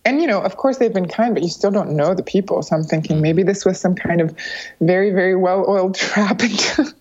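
Young woman telling a lively travel story. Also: a little fast, slightly rough. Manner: animated, acts out quoted voices with higher pitch. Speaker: guest storyteller. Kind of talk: casual storytelling. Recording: slightly dull lo-fi sound.

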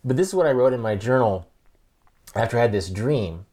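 A man's voice: medium pitch, animated, brisk, mellow. A man hosting a podcast, talking casually and thoughtfully, telling stories. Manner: reflective, thoughtful storytelling. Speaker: podcast host. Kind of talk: casual conversation.

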